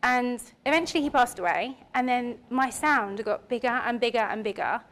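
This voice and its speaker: A woman, telling a personal story on stage in a chatty, animated way. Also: a little high, moderate pace. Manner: chatty and animated, with filler words. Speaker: spiritual speaker at an expo. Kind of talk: casual personal storytelling talk. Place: expo hall stage.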